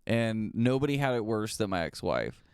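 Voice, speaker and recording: Joking, teasing guest with a smooth voice. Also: male voice, on the low side, sing-song, moderate pace, dry recording, studio quality. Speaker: podcast guest, comedian. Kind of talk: casual chat.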